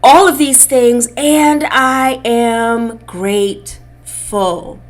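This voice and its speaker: A middle-aged woman hosting a podcast, telling a personal story in a slow, reflective way and calling her listeners beloved. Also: on the high side, fairly even intonation. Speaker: podcast host. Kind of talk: personal testimony, casual talk.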